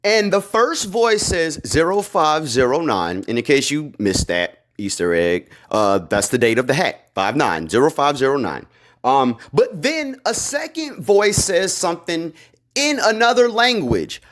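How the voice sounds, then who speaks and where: A man talking through a TV episode in a loose, excited vlog style. He uses a lot of slang, rambles, and fills his pauses with ums. His voice sits a little higher than most men's. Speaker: video creator recapping a TV episode. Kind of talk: casual theory recap vlog.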